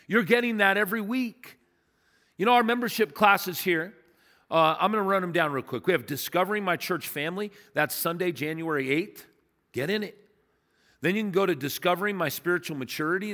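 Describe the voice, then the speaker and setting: In a church sanctuary with big-room acoustics, a male pastor preaches a sermon, telling stories to his congregation in an emphatic, conversational style. His voice is high-pitched with a sharp tone.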